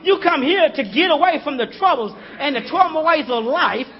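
High, lively preacher man, chuckling. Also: normal speed, lo-fi sound. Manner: calls on the congregation, chuckling, conversational preaching. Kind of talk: sermon.

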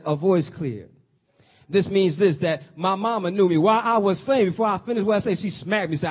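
High husky preacher going hard in a sermon, muffled lo-fi audio. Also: male voice, lively intonation, moderate pace. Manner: preaching, rising to fervent emphasis with repeated phrases. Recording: dull lo-fi sound.

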